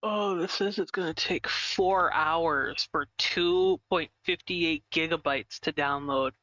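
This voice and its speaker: A man's voice: fairly high pitch, slow, pushed and bright, no echo, dull audio. A man chatting casually on a live stream, rambling and giggling as he snacks. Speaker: streamer co-host.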